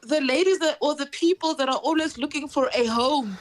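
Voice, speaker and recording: A woman's voice: high voice, brisk, crowd noise. A woman co-hosting a radio show, teasing and joking in casual banter. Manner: teasing, playful. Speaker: radio co-host.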